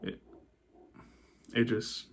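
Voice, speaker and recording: Subdued, halting young man. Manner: subdued and halting, with many restarts. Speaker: vlogger. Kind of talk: personal storytelling.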